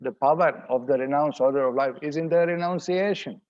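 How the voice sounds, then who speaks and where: A man teaching a scripture seminar, explaining verses word by word in an unhurried, explanatory way. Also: a little high, a little mellow, dull audio. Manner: explanatory, pauses to translate word by word.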